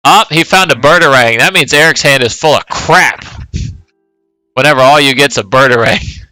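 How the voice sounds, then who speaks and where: A man's voice: medium pitch, normal speed, sharp tone, no echo, soft background music, rough recording. A man casually commenting live on a tabletop card tournament, calling plays as they happen. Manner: casual, play-by-play calling of moves.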